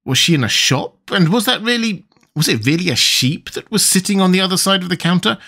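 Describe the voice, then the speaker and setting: A man narrating a classic children's novel as an audiobook, measured and expressive. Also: high-pitched.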